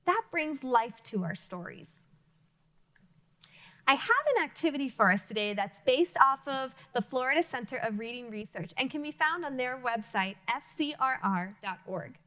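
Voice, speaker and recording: A woman teaching early readers in a high, bright voice. She speaks slowly and clearly, with a lively, bouncing pitch that suits young children. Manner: slow, clearly enunciated, encouraging teacher talk. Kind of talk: reading lesson for young children. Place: classroom-style video lesson.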